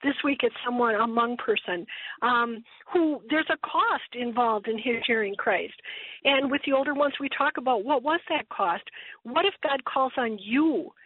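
A woman's voice: a little high, moderate pace, slightly rough, no echo. An older woman who is a grandmother, calling into a radio show and speaking thoughtfully and steadily. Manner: thoughtful, steady, asks questions aloud. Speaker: caller. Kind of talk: call-in question on a radio show. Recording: dry, tinny phone line.

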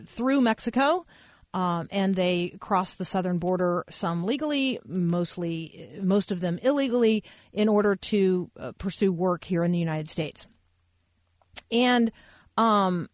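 A woman's voice: medium pitch, no echo. Chatty woman hosting a faith talk show. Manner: conversational, many fillers, thinks aloud. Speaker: radio talk show host. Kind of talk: faith-based news commentary.

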